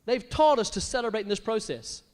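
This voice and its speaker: A middle-aged man preaching a sermon as pastor, animated and breaking into big exaggerated laughs. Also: high voice, a little fast. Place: church hall. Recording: long church hall reverb.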